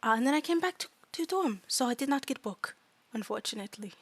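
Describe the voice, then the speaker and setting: A woman's voice: a little high, animated, fast, no room sound. Woman playing a tiny earnest fairy with broken speech. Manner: broken grammar, dropped articles, hesitant; often drops to a quiet whisper. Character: tiny timid fairy student, earnest, new to language. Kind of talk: tabletop role-play.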